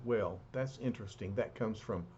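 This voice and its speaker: A man casually reading a comic book aloud, retelling the story in a halting way with many fillers. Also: lowish voice, noisy background. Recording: dull lo-fi recording.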